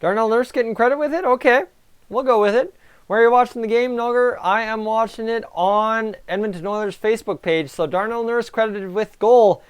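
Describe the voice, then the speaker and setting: A Canadian man hosting a live stream, giving excitable, chatty reaction commentary on a hockey game and talking to his viewers. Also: sits high, a little fast, smooth. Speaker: livestream host.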